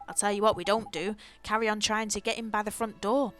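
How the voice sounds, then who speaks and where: A woman's voice: mid-range voice, flat delivery, a little fast, fairly bright tone, faint music behind, lightly acted. A woman voicing a cheeky, slangy little male fairy sidekick in a video game, with a brash, blunt manner. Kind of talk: reading game dialogue in voices.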